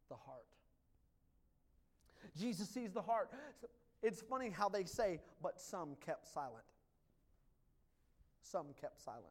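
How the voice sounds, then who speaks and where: Preaching man, hushed to loud. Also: high voice. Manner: dynamic preaching, swings from hushed to loud, jokes with congregation. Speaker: pastor. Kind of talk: sermon. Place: church.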